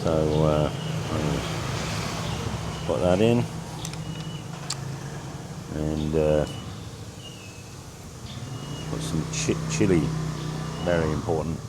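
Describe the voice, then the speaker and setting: A man with a slightly croaky voice chatting casually in a travel vlog, trailing off mid-sentence as he talks. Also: a bass voice, extremely slow, long pauses. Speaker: travel vlogger. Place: outdoors on busy streets and in cafes. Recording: loud street traffic noise. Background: traffic and motorbikes.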